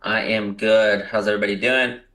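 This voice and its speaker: A man joining a live stream as a guest, giving brief, relaxed, friendly replies in casual chat. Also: on the low side, normal speed.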